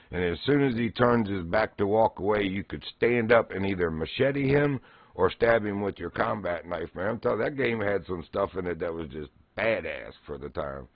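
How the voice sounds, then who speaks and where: A man's voice: lowish voice, no echo, dull audio. A man streaming, casually telling old gaming stories and laughing often. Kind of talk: casual storytelling.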